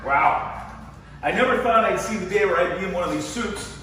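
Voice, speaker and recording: A man's voice: sits high, brisk, background noise. A man hosting a vlog segment at a dog kennel, joking and laughing often as he talks to the camera. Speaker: show host filming a segment. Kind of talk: handheld vlog commentary. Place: dog kennel with barking dogs. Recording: echoey pen, loud barking dogs.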